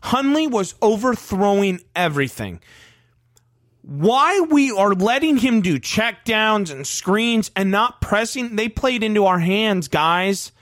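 A man's voice: high-pitched, slow, dry recording, studio quality. A man co-hosting a casual sports podcast, heated and profane as he rants about a loss. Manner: heated, profane, animated ranting. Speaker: podcast co-host.

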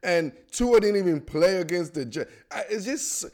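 Excitable high-voiced man riffing on football. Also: normal speed. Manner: animated, slangy, excitable. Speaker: sports podcast host. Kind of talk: casual sports commentary.

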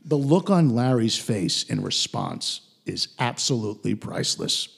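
Male podcast host, gravelly and husky, lively recap delivery. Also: lowish voice, a little slow. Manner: animated retelling with put-on quote voices. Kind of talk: episode recap.

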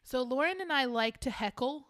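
A woman co-hosting a casual chat, telling an animated story and swearing freely. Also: sits high, moderate pace. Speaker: podcast co-host.

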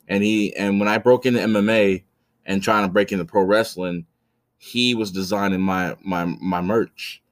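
Low-voiced blunt, profane male podcaster. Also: steady tone, moderate pace. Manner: blunt, profane, rambling with restarts. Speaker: podcast host. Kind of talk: casual podcast storytelling.

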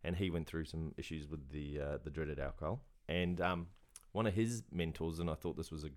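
A low-pitched man in his forties co-hosting a podcast. He chats in a loose, bantering way, often laughing. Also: steady tone. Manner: chatty, quick banter, laughs. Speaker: podcast co-host and junior sports coach. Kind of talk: casual chat.

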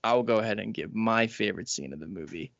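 A man's voice: on the low side, quick pace, gravelly, fairly bright tone, no room sound. A man co-hosting a podcast in casual, teasing chat. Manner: joking, teasing, does mock ads. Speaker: podcast co-host. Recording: dry, dull lo-fi podcast audio.

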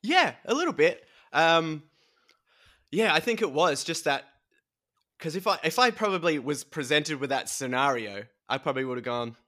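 An Australian man hosting a podcast, chatting casually and telling animated stories. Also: a little high, normal speed. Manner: storytelling, animated. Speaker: podcast host. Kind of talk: casual chat.

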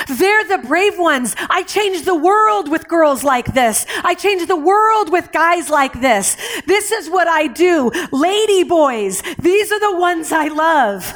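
A middle-aged woman delivers a sermon in a high voice. She preaches with passion and feeling, swinging from fervent emphasis to hushed, near-whispered moments. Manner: impassioned, emotional, shifts between intensity and hushed whispers.

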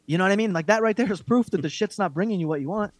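A man's voice: high-pitched, racing, no echo. A man co-hosting a casual fight podcast, ranting bluntly and mockingly with plenty of profanity. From Irish heritage. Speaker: podcast co-host. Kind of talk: casual MMA chat.

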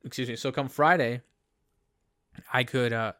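A man's voice: mid-range voice, fairly even intonation, unhurried, fairly bright tone, dry recording, studio quality. Chatty young man telling stories. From Canada. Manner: rambling storyteller, many restarts, laughs often. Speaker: podcast co-host. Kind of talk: casual chat.

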